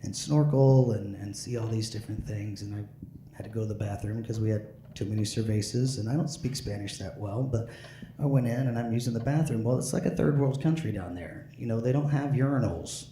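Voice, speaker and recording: With a warm voice on the low side, a man performs stand-up comedy a bit drunk, his delivery halting and full of fillers and restarts as he rambles. A little hiss or hum sits under the echoey room's faint ambience.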